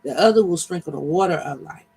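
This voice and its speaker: A man's voice: on the high side, fast, vocal fry, darkish tone, husky, heavily acted, low-quality recording. A man reading as a wise god giving orders. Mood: instructing.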